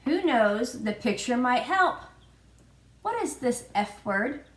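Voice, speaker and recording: Slow sing-song preschool teacher woman. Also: a little high, very animated. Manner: slow, sing-song prompting with spelled-out letters. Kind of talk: children's virtual lesson. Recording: echoey room.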